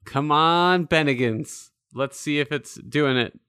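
A man's voice: on the high side, slow pace, pushed and bright, clean tone, no room sound, studio quality. A man from Utah hosting a casual podcast chat, telling rambling self-deprecating stories and swearing casually. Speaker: podcast host.

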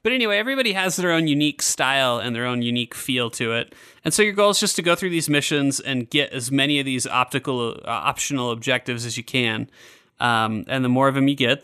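A man hosting a podcast in a loose, casual chat, with plenty of ums and restarts. His voice has a bright, forward tone at a middle pitch. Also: brisk, clean tone. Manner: relaxed, filler-heavy, self-correcting. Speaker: podcast host. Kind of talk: casual game review chat.

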